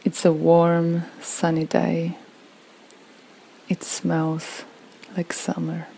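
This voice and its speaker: A woman guides a relaxation visualization in a slow, soothing voice with long pauses. Her tone is mellow and gravelly. A faint ambient hum sits behind her. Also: fairly low pitch, completely flat delivery, low-quality recording. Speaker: yoga and meditation guide.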